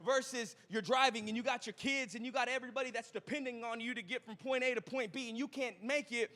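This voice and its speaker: Male pastor, high tenor, joking storyteller, long hall echo. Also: fairly even intonation, sharp tone. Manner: chatty and joking, quick asides to the crowd. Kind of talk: sermon with a storytelling opening. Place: church auditorium.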